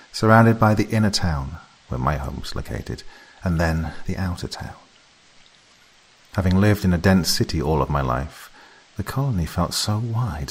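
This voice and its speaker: Deep husky male horror narrator. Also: poor audio. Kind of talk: scripted narration.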